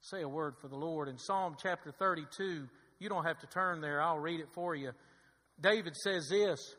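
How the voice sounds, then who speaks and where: A male pastor preaching a sermon, emphatic and repetitive, calling for amens, swinging between loud exhortation and low, hushed intensity. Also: moderate pace. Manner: emphatic, repetitive preaching with call-and-response "amen". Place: church sanctuary. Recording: reverberant hall.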